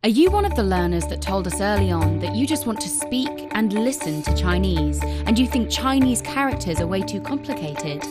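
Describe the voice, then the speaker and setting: A woman's voice: medium pitch, big pitch swings, moderate pace, few pauses. A woman reading a scripted, persuasive promo for a language course. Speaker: ad announcer. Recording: loud music behind.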